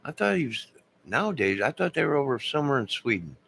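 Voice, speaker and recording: A man's voice: medium pitch, sing-song, fast talker, vocal fry, bright, forceful tone, breathy edge. A man in his fifties chatting live with viewers, rambling and losing his train of thought. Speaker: live streamer.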